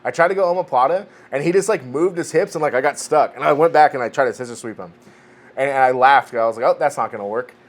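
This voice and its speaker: A man's voice: medium pitch, fast. A man in his forties, a podcast co-host telling a training story in a casual chat, swearing freely and restarting his sentences. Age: 40s.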